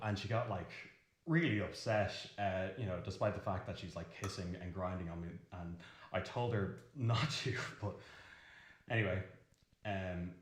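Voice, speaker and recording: An actor playing a halting, awkward young man. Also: deep voice, lightly acted. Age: young adult. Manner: halting, many restarts and nervous laughs. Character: awkward young man recounting an uncomfortable night. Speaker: interviewee in a verbatim film. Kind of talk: confessional verbatim monologue. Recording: roomy echo.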